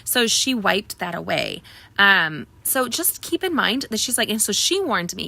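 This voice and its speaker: Female craft tutorial host: chatty, rambling, filler-heavy, with a sharp tone and a gravelly edge. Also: big pitch swings, a little slow. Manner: chatty and rambling, many ums; upbeat sales pitch to viewers. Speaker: card making tutorial host. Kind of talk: casual live craft tutorial.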